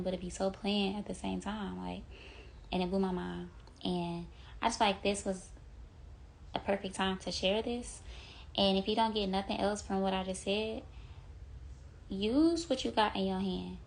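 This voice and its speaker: A woman's voice: medium pitch, creaky, a little hiss or hum. A young woman giving an earnest, rambling devotional talk into her phone, full of "like" and "you know". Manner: earnest, rambling, heavy use of 'like' and 'you know'. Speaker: vlogger sharing a devotional message.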